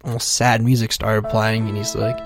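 A man's voice: on the low side, flat delivery, normal speed. A young man telling a comic personal story in a casual, profane, self-mocking way, full of fillers. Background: music.

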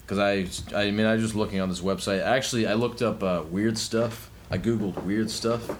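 A man's voice: on the low side, fairly even intonation, normal speed. A young man co-hosting a loose, comedic podcast chat, rambling goofily and sometimes breaking into silly songs. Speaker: podcast co-host.

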